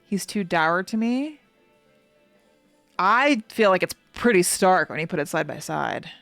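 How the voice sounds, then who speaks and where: An excitable woman streamer chats casually while reacting to a game, her talk full of "like" fillers as she gushes. Her voice sounds close and dry. Faint game music plays behind her. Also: on the low side, unhurried, gravelly, no echo. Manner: excitable, gushing, heavy on "like" fillers.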